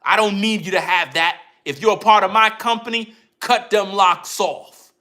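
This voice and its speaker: A man voicing a commanding male company boss, giving slow, blunt orders. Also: high voice, sharp tone. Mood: bossy.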